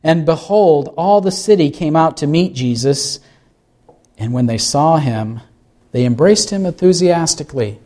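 Here a male pastor preaches, reading scripture aloud and asking his congregation questions as he explains the text. He sounds a little high and mellow, expressive, and a little slow.

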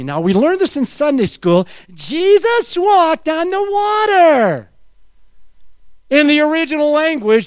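High-voiced preaching man, dry sound. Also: clear, resonant tone, dry recording. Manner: dramatic, swinging from shouts to hushed tones. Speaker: pastor. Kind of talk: sermon.

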